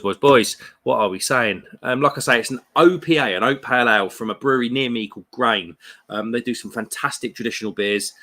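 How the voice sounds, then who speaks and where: A man's voice: medium pitch, bright, forceful tone. A man in his thirties with a British accent, chatting casually on a beer live stream and reading viewer comments, jokey and friendly. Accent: British English. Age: 30s. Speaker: beer livestream host.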